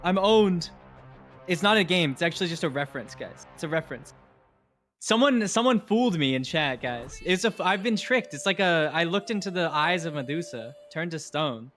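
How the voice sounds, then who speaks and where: A man's voice: a little high, soft background music. A young man hosting a watch party stream, chatting casually, reading chat aloud and getting hyped with jokey asides. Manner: excitable, quick to get hyped, jokey asides.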